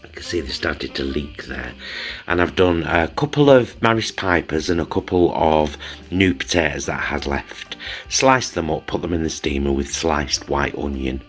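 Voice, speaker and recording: A man's voice: rumbling low, moderate pace, soft background music. A man hosting a casual food vlog, chatty, teasing and affectionate as he shows dinner. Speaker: vlog host.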